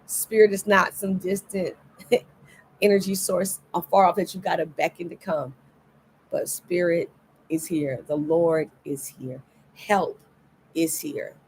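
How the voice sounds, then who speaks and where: A woman's voice: lowish voice, fairly even intonation, slow, a little hiss or hum. A middle-aged woman pastor giving a livestreamed devotional sermon, earnest and repeating key phrases for emphasis. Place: indoors, recorded for a livestream.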